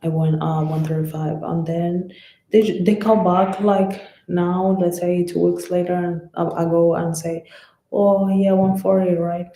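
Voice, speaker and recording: Spanish-accented woman boxer, flat and mellow. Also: fairly low pitch, unhurried, echoey room, low-quality recording. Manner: loose, chatty, swears freely. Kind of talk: casual live-stream chat answering comments.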